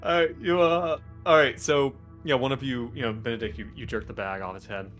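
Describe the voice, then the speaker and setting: A man's voice: mid-range voice, fairly even intonation, a little fast, fairly bright tone, faint music behind. Casual man running a tabletop game. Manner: casual, rambling, filler-heavy. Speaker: game master.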